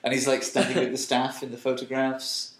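A man joking his way through a casual podcast chat, teasing his co-host and launching into mock-outraged rants. His voice sits at an ordinary middle pitch, and the room gives it a noticeable echo. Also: completely flat delivery, brisk. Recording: roomy echoey sound.

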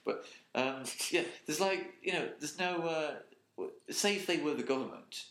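A man's voice: a little high, moderate pace, a bit bright. A man co-hosting a podcast in casual chat, jokey and rambling. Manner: jokey, rambling, puts on silly voices. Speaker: podcast co-host. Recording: roomy echo.

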